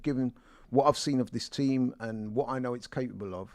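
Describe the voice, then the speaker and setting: A man in a football talk show, calm and confident, making measured points. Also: medium pitch, clean tone, no echo. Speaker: football pundit. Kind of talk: sports talk show discussion.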